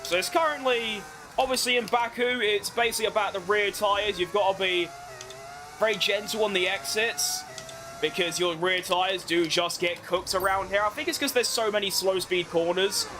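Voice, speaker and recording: Young man, high voice, casual gameplay commentary, self-mocking, rambling, loud game noise behind. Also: normal speed. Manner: chatty, self-mocking, restarts often. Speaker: gaming video creator.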